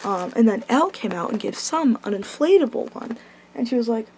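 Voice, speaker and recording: A woman's voice: fairly high pitch, lively intonation, brisk, a crowd in the background. A young woman vlogger telling a concert story in casual, gushing talk, full of ums and likes and casual swearing. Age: young adult.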